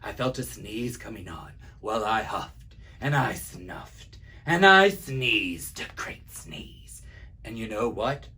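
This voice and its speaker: A man's voice: lowish voice, unhurried, a bit bright, slightly rough, exaggerated voice. A man reading a children's story aloud as an easygoing male wolf who tells his own side in a chatty, wry, confiding way. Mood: sly. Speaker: library storyteller.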